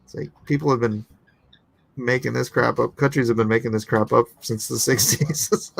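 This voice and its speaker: A man's voice: medium pitch, fairly even intonation, moderate pace, vocal fry, slightly rough. A man hosting a casual livestream, reading chat comments aloud and answering them with rambling, sarcastic talk and frequent laughter. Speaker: livestream host and artist.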